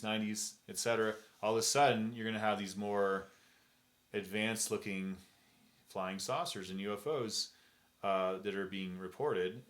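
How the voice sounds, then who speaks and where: A man co-hosting a casual chat, telling rambling, jokey stories and slipping into voices for anecdotes. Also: fairly low pitch. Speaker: podcast co-host.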